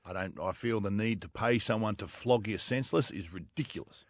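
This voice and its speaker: A man's voice: on the low side, a little fast, no room sound. A middle-aged Australian man, a former footballer, telling a story in casual podcast chat, blunt and swearing. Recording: dull lo-fi dry sound.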